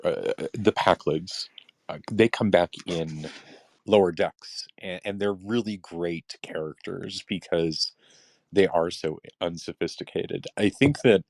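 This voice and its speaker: A man with a very low, gravelly voice speaks haltingly, filling gaps with uh's. The sound is dry and close, with no room around it. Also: a little mellow, no room sound. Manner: hesitant, fills pauses with uh, repeats words. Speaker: audience guest speaker. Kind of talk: casual discussion. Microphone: phone app audio chat.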